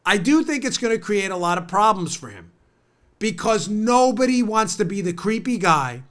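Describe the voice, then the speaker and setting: A man's voice: high voice, lively intonation, moderate pace, a bit bright. A man hosting a political talk show, ranting sarcastically and a little stuffed up from a cold. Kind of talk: opinionated talk show monologue.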